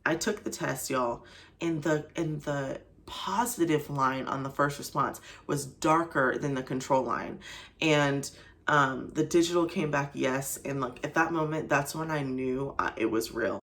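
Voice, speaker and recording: A woman's voice: extremely low pitch, measured pace, a bit bright. A young woman vlogger telling a personal story to camera in a casual, chatty way, full of "like" and "you know". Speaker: faith vlogger.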